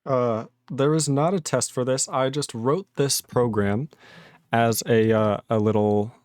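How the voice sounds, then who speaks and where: A man's voice: medium pitch, a little slow, a little mellow, no echo, studio quality. A man chatting casually as a guest on a coding stream, joking around and laughing often. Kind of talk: casual live-stream chat.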